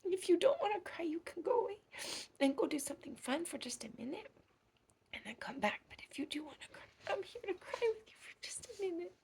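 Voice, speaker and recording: A woman voicing a playful, affectionate childlike frog in whispered role-play, with soft gasps and a singsong lilt. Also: extremely high pitch, creaky, exaggerated voice. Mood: tender, tearful. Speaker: children's storyteller.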